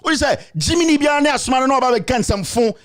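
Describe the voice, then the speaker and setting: Ranting Ghanaian man, very high voice. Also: expressive, quick pace. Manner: scolding, repetitive, insulting. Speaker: political commentator and show host. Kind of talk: angry political rant.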